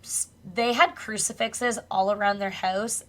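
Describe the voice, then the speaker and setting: A woman's voice: mid-range voice, fairly even intonation, a little slow, a bit bright. A woman co-hosting a podcast, casually retelling a spooky true story with loose swearing and laughs. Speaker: podcast co-host.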